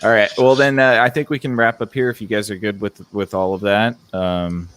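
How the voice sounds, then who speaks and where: A man hosting a casual movie and TV podcast, talking in a relaxed, rambling way with lots of fillers. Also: lowish voice, fairly quick. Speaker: podcast host.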